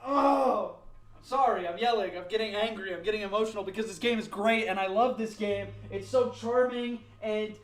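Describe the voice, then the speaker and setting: Young man, very high voice, rambling dramatic gaming rant, echoey room, drifts near and far from the mic. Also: fairly even intonation, a little fast, few pauses. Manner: rambling, dramatic, self-mocking; paces about the room, moving toward and away from the mic. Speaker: gaming YouTuber. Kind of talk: ranting gameplay commentary. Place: home room at his computer.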